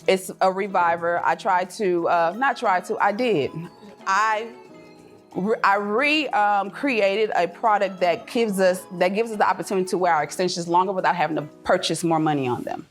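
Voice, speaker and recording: A woman giving a passionate, faith-filled motivational speech to a live audience, emotional at times and slipping into lively voices when she quotes her children. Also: moderate pace, faint music behind. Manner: passionate and preachy, mixing faith with business advice; swings into high, laughing voices when quoting her kids and herself. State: emotional, near tears at times. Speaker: event speaker. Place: event room with an audience.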